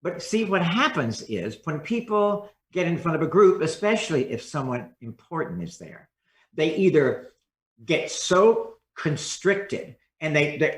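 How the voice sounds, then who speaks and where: A man in a podcast interview, coaching on how to speak. His voice sits a little high and turns expressive as he acts out different tones. The recording has a roomy echo around him. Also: normal speed. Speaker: communication coach and guest.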